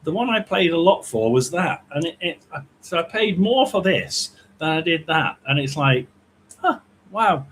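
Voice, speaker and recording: A man's voice: a little high, sing-song, normal speed, fairly bright tone, slight background noise, poor audio. Chatty man hosting a livestream. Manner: rambling, chatty, reads out viewer names. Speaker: psychic livestream host. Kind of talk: casual livestream chat.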